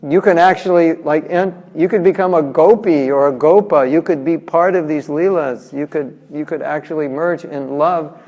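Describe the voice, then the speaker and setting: A man's voice: a little high, moderate pace, hardly any pauses, darkish tone, highs cut off. Man lecturing in an echoing hall. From United States. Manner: conversational, humorous, acts out quotes. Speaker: spiritual teacher giving a class. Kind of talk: lively scripture lecture. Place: large temple hall. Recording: reverberant hall.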